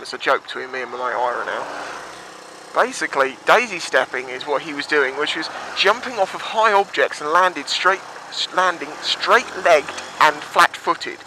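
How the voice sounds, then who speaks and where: Chatty motovlogger over engine noise. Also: male voice. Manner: chatty, rambling, sweary. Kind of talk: casual storytelling on a bike. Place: outdoors on a motorbike. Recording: engine rumble behind.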